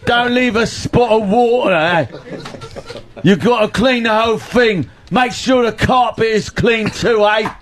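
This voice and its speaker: A man's voice: high-pitched, measured pace, a little hiss or hum, voice pushed up. A man putting on a bossy English orphanage master. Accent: put-on English accent. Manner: barking orders, half shouting.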